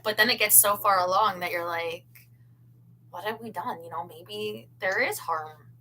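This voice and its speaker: A woman's voice: medium pitch, moderate pace, bright, forceful tone, poor audio. A woman co-hosting a casual chat, talking with lots of fillers and breaking into frequent laughter. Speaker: podcast co-host.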